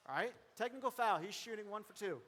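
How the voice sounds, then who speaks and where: A man giving a motivational keynote as a referee, speaking directly to the audience in a lively way. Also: sits high, quick pace. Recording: long hall reverb.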